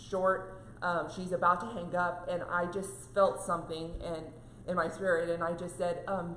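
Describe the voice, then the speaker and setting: A woman tells a heartfelt story in a casual devotional chat, pausing on frequent fillers. Her voice is fairly low for a woman. The room echoes around her, with faint noise behind. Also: flat delivery, fairly bright tone. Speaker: co-host.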